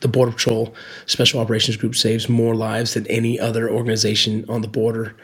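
A middle-aged man, a former Border Patrol agent, telling his own story in an earnest, reflective way, with pauses and restarts. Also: on the low side, completely flat delivery, fairly bright tone, slightly rough. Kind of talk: personal storytelling.

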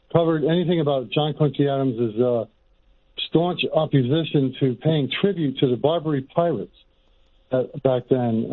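A man calling in to a radio show who hesitates with many ums. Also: mid-range voice. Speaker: caller. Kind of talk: call-in radio. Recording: tinny phone line.

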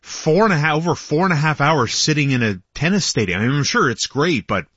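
A man's voice: a little high, lively intonation, fairly quick, fairly bright tone, husky, dry recording. A man giving the sports report on morning radio in a loose, chatty way, with fillers and easy laughs. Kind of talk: casual sports chat on radio. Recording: dull, dry radio studio sound.

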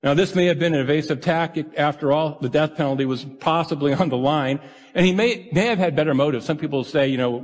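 Husky male pastor, chatty and earnest sermon, long echo off the hall. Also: on the high side, fast talker. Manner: earnest, conversational, self-deprecating. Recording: reverberant church hall.

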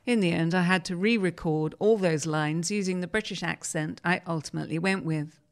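A woman's voice: fairly low pitch, a little fast. Woman host reading an article aloud.

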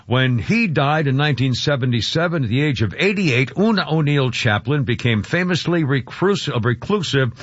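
A man's voice: mid-range voice, animated, normal speed, hardly any pauses, dry recording. A man hosting a radio show, chatting casually, laughing often and restarting his sentences. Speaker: radio host. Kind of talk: casual talk radio banter. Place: radio studio. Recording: dull radio studio sound.

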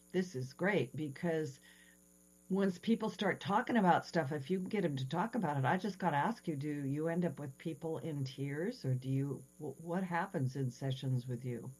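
A woman hosting a casual podcast, her voice sitting very low. She asks rambling, eager questions and keeps restarting them. A faint electrical hum runs under the recording. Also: slightly rough, rough recording. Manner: enthusiastic, loose questioning with restarts. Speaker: podcast host.

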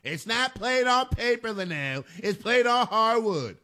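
A man's voice: sits high, sing-song, measured pace, pushed and bright. A man hosting a sports talk radio show, delivering an emphatic monologue and repeating phrases for punch.

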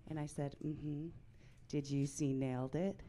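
A woman in her forties performing a stand-up comedy set in a club, brash and deadpan, acting out the people she quotes. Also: extremely low pitch, normal speed.

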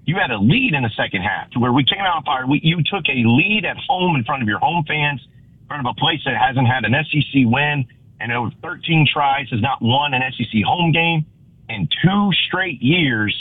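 A husky, slightly hoarse man talks sports over a tinny phone line, and the sound is dry and close. He is blunt and exasperated, often restarting his sentences. His pitch sits in an ordinary middle range. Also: animated, moderate pace, no echo. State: hoarse, recovering from lost voice. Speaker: guest sports analyst.

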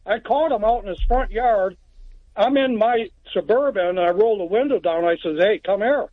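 A man's voice: high voice, normal speed. A man from Texas calling into a radio show, telling a story in a plainspoken, rambling way. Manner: rambling, plainspoken, lots of restarts. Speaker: caller. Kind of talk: phone-in storytelling. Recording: tinny phone line.

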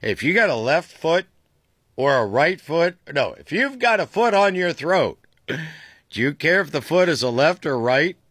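A man's voice: fairly high pitch, very animated, measured pace, fairly bright tone, no echo, studio quality. A male talk show host reading the news aloud with sarcastic, mocking asides.

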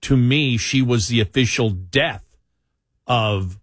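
A man's voice: medium pitch, slow, no echo, studio quality. A man co-hosting a talk show, talking in an emphatic, opinionated way and repeating himself for effect. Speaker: co-host.

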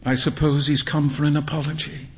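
A man doing a sulky, hapless young gentleman. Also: on the high side, flat delivery, a little fast, close to an everyday voice. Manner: sulky, flustered.

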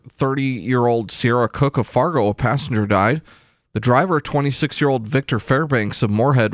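A man reading a radio newscast from the studio in a steady, clipped news delivery. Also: mid-range voice, no echo. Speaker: news anchor. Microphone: studio mic.

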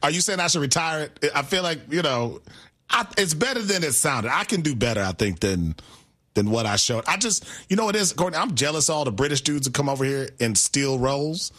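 A man's voice: fairly high pitch, lively intonation, pushed and bright. A man co-hosting a sports radio show, chatting casually, stumbling and restarting his sentences and laughing easily. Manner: halting, self-interrupting, laughs easily. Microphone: studio microphone.

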